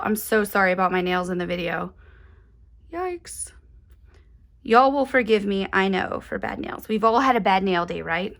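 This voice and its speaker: A woman with a lilt walks through a craft lesson in a friendly, chatty way. Her voice sits a little high, and she gushes and laughs easily over each finished step, like a host talking straight to her club members. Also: creaky, fairly bright tone. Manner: cheerful and gushing, laughs often. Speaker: embroidery tutorial host.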